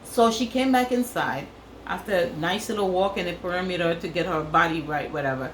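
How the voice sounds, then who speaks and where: A woman's voice: lowish voice, fairly quick, echoey room, slight background noise, poor audio. A woman from Africa, telling a crude story in a casual vlog and repeating phrases for effect. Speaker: vlogger.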